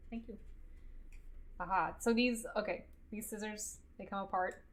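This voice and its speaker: A woman's voice: medium pitch, fairly even intonation, normal speed, pauses often, slight background noise, low-quality recording. Blunt, profane woman streaming from her kitchen. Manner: blunt and profane, with clipped commands to her dog. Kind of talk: casual live-stream chat while cooking. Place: home kitchen.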